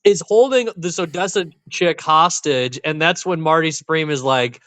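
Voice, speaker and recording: Higher-voiced young man retelling film scenes. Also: moderate pace, clean tone, no echo. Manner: animated retelling of scenes, acting out the characters' lines. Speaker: podcast co-host. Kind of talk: casual chat.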